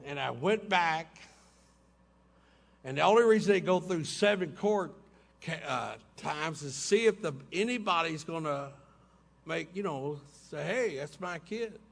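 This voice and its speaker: This middle-aged man's gravelly, fairly high voice moves unhurriedly as he tells his story to a recovery group. It's a folksy testimony full of laughing asides, delivered in a hotel conference room.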